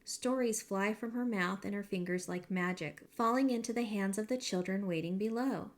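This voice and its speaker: A woman teacher reading a picture book aloud to a class, with expressive storytelling and pointers to the illustrations. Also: medium pitch, normal speed.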